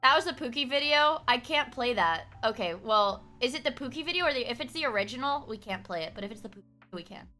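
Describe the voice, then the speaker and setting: Woman streamer, casual chat, swoops through her pitch, laughs a lot and bursts into shouts. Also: lively intonation, fast, hardly any pauses, soft background music.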